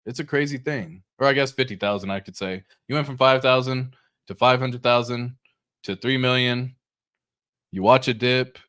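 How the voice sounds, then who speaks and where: A man hosting a casual crypto show, talking over charts in an excitable, slangy way. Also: mid-range voice. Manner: excitable, chatty, slangy, laughs often. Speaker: crypto channel host.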